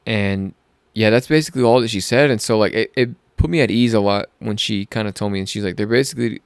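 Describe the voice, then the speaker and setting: A young podcast host recounts a story in a loose, rambling way, full of slang and false starts. His voice is low and gravelly yet clean. The close mic gives a dry, dead sound. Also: fast talker, dry recording. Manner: rambling, slangy, many fillers and restarts. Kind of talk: casual storytelling monologue.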